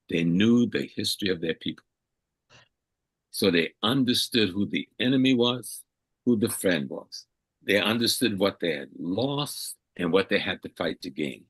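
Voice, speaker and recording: Deep husky older man lecturing. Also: fairly bright tone, dry recording. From South Carolina, USA. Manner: emphatic, repeats phrases for weight. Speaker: elder guest. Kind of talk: interview answer, lecturing.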